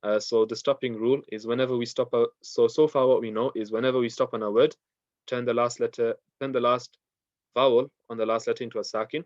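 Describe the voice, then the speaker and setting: A man's voice: medium pitch, flat delivery, fast, no echo, highs cut off. A man teaching a beginners' Quran recitation class, patiently explaining the rules step by step and reciting verses to demonstrate them. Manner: patient, repeats steps, recites verses in Arabic. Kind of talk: online class lesson.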